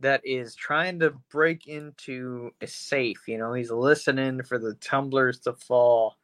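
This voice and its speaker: A man's voice: medium pitch, fairly even intonation, a little slow, fairly bright tone, dry recording. A man co-hosting a casual podcast, retelling a horror episode in a rambling, crude way. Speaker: podcast co-host.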